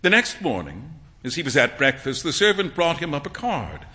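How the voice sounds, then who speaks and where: A man reading a story aloud in an expressive, animated way. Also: on the high side, normal speed, big-room sound. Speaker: narrator.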